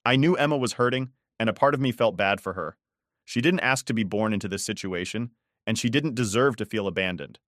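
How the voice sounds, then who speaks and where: A man in his forties tells a first-person story in a low, weary voice with a resentful edge. The recording is close and dry, with no room sound at all. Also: brisk, fairly bright tone, no echo. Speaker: story narrator.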